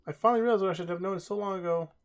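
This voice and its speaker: Man doing earnest young female mage, pitched up, steady and determined. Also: rapid-fire, clean tone, dull audio, close to an everyday voice. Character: earnest young woman mage, guild heir.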